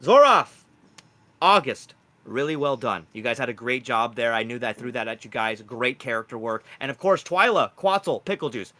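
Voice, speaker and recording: Male game master, bright tone, animated storytelling. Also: fairly quick, few pauses. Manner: animated, with jumps in pitch and loudness. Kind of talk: narrating a tabletop game.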